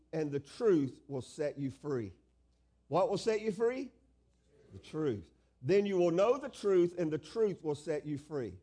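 A man's voice: on the high side, warm tone. A male pastor preaching a sermon, stretching out key phrases and asking the congregation questions.

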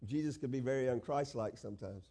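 A man's voice: mid-range voice, quick pace, mellow. A male pastor preaching a sermon, stretching out key phrases and asking the congregation questions.

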